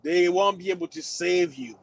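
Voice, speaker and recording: A man's voice: sits high, normal speed, gravelly, poor audio. A man delivering a preachy religious warning monologue to his channel, repeating himself and rising to emphatic peaks. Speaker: channel host.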